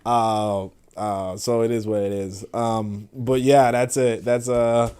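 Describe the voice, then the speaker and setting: A man's voice: mid-range voice, flat delivery, slow, mellow, clear, resonant tone. A man hosting a casual livestream, chatting loosely and full of slang, fillers and laughs. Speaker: host.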